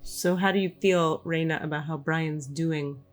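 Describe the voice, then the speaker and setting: A woman hosting a podcast, speaking softly and reflectively, with frequent hums and sighs as she channels a spirit. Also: sits low, fairly even intonation, normal speed, soft background music. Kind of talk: casual podcast talk.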